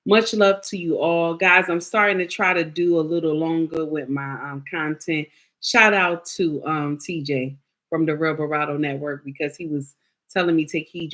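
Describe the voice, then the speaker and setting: A woman's voice: deep voice, a bit bright. A woman hosting a casual livestream, chatting playfully with her viewers and calling them by name. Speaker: livestream host.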